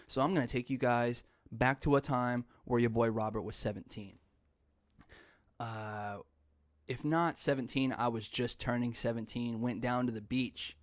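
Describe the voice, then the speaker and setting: Young male podcast host, mid-pitched, loose and rambling, swears casually. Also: no echo, clean studio sound. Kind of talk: casual chat.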